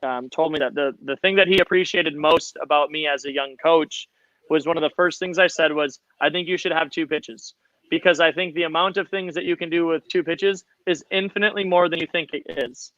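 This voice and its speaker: Man, bright and sharp voice, halting with ums, dry and slightly muffled podcast audio. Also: fairly high pitch, fairly even intonation, dry recording. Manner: hesitant, many ums and restarts. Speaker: college baseball coach. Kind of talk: casual podcast chat.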